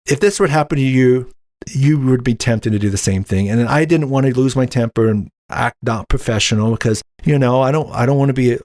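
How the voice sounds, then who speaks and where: A man's voice: medium pitch, darkish tone, no echo, clean studio sound. A young adult man hosts a solo podcast, telling a personal story in a candid, rambling, indignant way. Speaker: podcast host.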